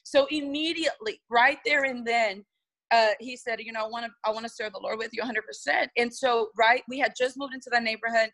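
A woman's voice: a little high, steady tone, fairly quick, pushed and bright, rough recording. A woman lead pastor, from the United States, telling an earnest and emotional testimony in a podcast interview.

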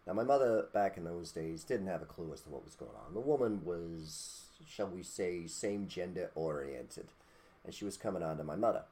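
A man's voice: low voice, expressive, normal speed, mellow. A man hosting a podcast, talking in a blunt, preachy, casual rant with mild cursing and a habit of asking "okay?". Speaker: podcast host.

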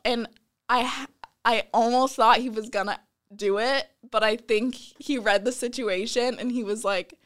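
A young woman telling a story in a casual, animated way, laughing often and acting out what people said. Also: fairly high pitch, normal speed.

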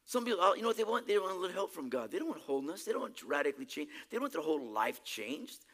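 A male preacher giving a sermon, emphatic, swinging between loud exclamations and quiet asides. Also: high voice, very animated, very fast.

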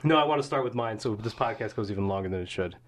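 A man's voice: fairly low pitch, lively intonation, rapid-fire. A man co-hosting a podcast in a jokey, rambling way, laughing often. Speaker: podcast co-host. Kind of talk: casual podcast chat.

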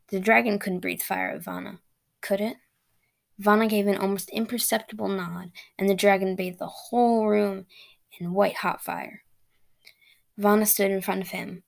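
A young woman reads her own fantasy story aloud on her podcast, steady and casual. Her voice has a noticeable gravelly fry, sitting at an ordinary middle pitch.

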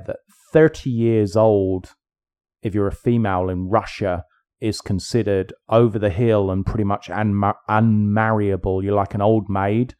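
Low-voiced man, rambling and opinionated. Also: darkish tone. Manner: opinionated, rambling, lots of fillers. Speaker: podcast co-host. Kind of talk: casual chat.

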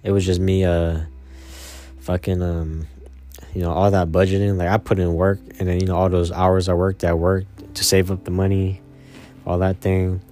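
A young man telling a personal story in a rambling, casual way, repeating himself, swearing and often trailing off quietly. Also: sits low, flat delivery, normal speed.

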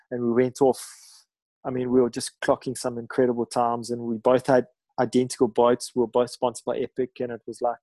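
A man's voice: medium pitch, dark tone, dry recording, poor audio. A middle-aged man telling a story in a rambling way, full of fillers and restarts. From South Africa. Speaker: guest, ocean ski paddler. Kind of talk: casual storytelling.

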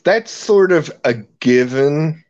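A man from Ireland tells wry stories at a slow, unhurried pace and laughs now and then. His voice sits at a middle pitch and sounds dry and a little muffled, as if it came through a lo-fi call. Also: animated, darkish tone, no room sound. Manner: wry, anecdotal storyteller who chuckles often. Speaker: guest, initiated priest. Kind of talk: storytelling in a podcast interview.

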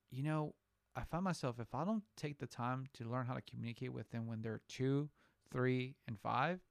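A man's voice: mid-range voice, gravelly, dry recording, studio quality. A man co-hosting a casual parenting podcast, talking earnestly in long, rambling sentences full of restarts. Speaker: podcast co-host.

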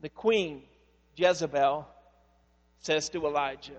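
A male pastor preaching a sermon, telling a story in a conversational, animated way. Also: high-pitched, moderate pace, in a large hall.

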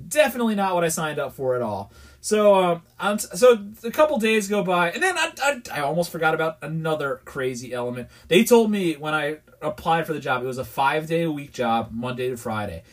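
A podcast host from New York, his voice fairly high and husky, spins a rambling story with plenty of exasperation. He comes across as candid and casual.

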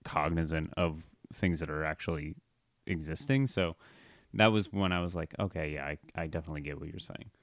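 Low voiced guy chatting about a show, calm and thoughtful, dry sound. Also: brisk, dry recording. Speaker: podcast co-host. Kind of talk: casual fan chat.

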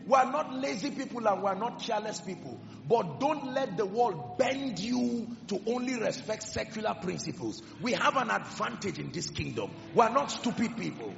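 A man preaching a sermon with passion, swinging between loud declarations and hushed emphasis. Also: sits high, very animated, moderate pace, gravelly. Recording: echoey hall with music behind, dull sound. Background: music.

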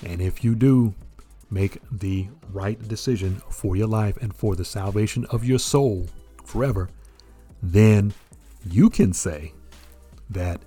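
Earnest low-voiced male preacher. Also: slow pace, dark tone, breathy edge, faint music behind. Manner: earnest, emphatic, addresses listener directly. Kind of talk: sermon.

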